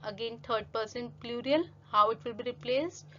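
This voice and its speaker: A woman's voice: fairly high pitch, normal speed, pushed and bright, highs cut off. A woman teaching French grammar in English, reading French example sentences and then translating them step by step. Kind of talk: grammar lesson explaining slides.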